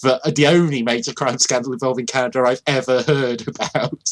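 A young man reads out the news items on a relaxed comedy chat and keeps collapsing into giggles as he goes. He rambles, restarts and leans heavily on filler words. His voice sits at a plain middle pitch. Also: brisk. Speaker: podcast co-host.

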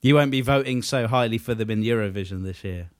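A man's voice: fairly low pitch, quick pace, slight background noise. A man co-hosting a casual comedic podcast chat, joking and laughing often. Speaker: podcast co-host.

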